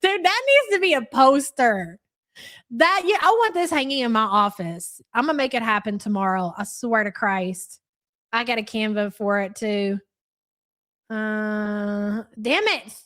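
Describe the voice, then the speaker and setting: Brief: young woman, fairly high voice, blunt and profane reaction-stream host. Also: unhurried, fairly bright tone. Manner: blunt, swears freely. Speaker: livestream host. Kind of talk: live reaction commentary.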